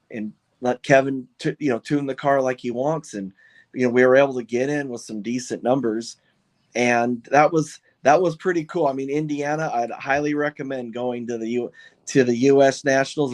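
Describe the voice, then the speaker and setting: A man who owns and drives a funny car, telling stories in an excited, rambling way with lots of restarts on a podcast. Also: medium pitch, normal speed. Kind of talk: podcast interview, casual storytelling.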